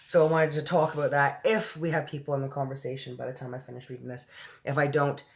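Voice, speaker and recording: A woman's voice: very deep voice, level tone, quick pace. A woman hosting a casual late-night read-aloud livestream, chatty and profane with giggly asides. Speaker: storybook reader and livestream host.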